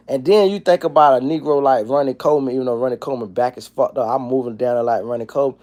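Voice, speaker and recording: A man in his forties hosting a casual livestream, rambling and profane, dropping to low mumbles and then breaking into loud, animated rants. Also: fast, hardly any pauses. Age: 40s. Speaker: livestream host. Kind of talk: casual livestream chat, reading chat comments.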